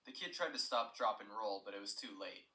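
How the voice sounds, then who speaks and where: A man's voice: lowish voice, fairly quick, sharp tone, roomy sound, distant mic, poor audio. A young man retelling a story in scripted narration, plain and matter-of-fact with asides.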